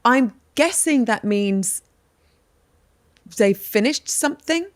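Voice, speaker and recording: A woman's voice: a little high, lively intonation, slow pace, dry recording, clean studio sound. A woman co-hosting a podcast, chatting casually and laughing often. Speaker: podcast co-host. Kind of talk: casual chat.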